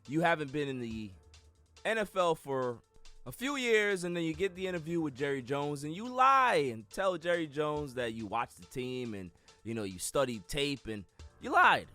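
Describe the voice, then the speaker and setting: A man hosting a sports podcast in casual talk, emphatic and animated, often repeating words as he builds a point. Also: a little high, moderate pace, faint music behind. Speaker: podcast host.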